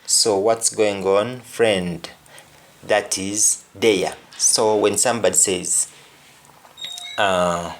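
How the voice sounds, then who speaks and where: A man's voice: lowish voice, fairly even intonation, takes it slowly. A man giving a spoken language lesson, explaining phrases carefully and repeating words for emphasis. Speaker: language teacher.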